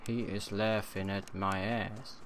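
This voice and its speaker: Young male gamer, bright tone, slow deliberate talk, swears and yells at scares. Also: on the low side, flat delivery, a little hiss or hum. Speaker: let's play gamer. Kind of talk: horror game commentary.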